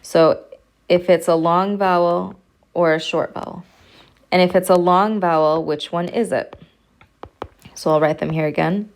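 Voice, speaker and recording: A woman's voice: on the low side, steady tone, unhurried, pauses often. A woman professor giving a recorded lecture, patiently repeating sounds for her students to hear. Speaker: Arabic language professor.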